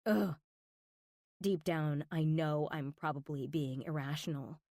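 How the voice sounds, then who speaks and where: A woman's voice: low-pitched, steady tone, normal speed, mellow, no echo, studio quality. A woman reading a first-person romance audiobook, intimate and emotional, with whispered asides. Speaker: audiobook narrator.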